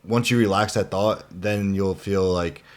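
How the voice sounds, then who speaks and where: A man's voice: sits low, steady tone, a little slow. A young man co-hosting a podcast, speaking earnestly and rambling with lots of fillers and swearing. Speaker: podcast co-host. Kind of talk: casual podcast chat.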